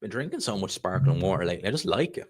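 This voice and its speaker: A man's voice: low voice, big pitch swings, racing. A man with a Dublin Irish accent hosting a casual live stream, rambling chattily and reading out viewer comments. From Ireland. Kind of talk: casual live-stream chat about boxing.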